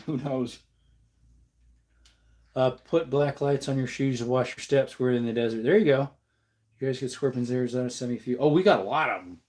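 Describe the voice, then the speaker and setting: Man, young adult, stuffed-up sniffly nose, easygoing, mid-pitched voice, reads and answers chat. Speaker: livestream host. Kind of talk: casual livestream chat while working.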